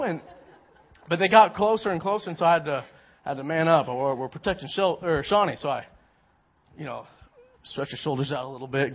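High-voiced young man preaching casually. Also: husky. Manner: animated, storytelling, many restarts. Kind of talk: casual sermon with personal story. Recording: dull lo-fi recording.

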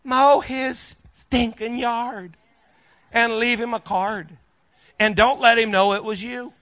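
A man's voice: very high voice, steady tone, slow, bright, forceful tone. A male pastor preaching a sermon, telling a story with animation and calling out to the congregation.

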